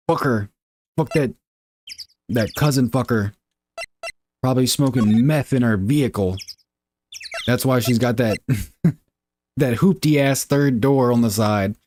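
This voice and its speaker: A man's voice: fairly low pitch, a little mellow. A young man giving casual let's-play commentary in a crude, sarcastic, rambling way. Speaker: gameplay host.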